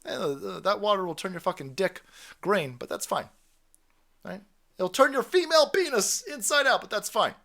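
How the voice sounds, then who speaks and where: A man's voice: high voice, animated, moderate pace, creaky, sharp tone. A man giving crude, mocking reaction commentary, ranting and swearing. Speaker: online commentator.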